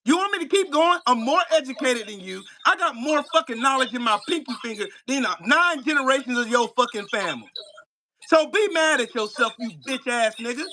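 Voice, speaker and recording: A man's voice: extremely high pitch, animated, brisk, sharp tone. A man hosting a live stream, taunting and trash-talking in a profane rant from his home setup.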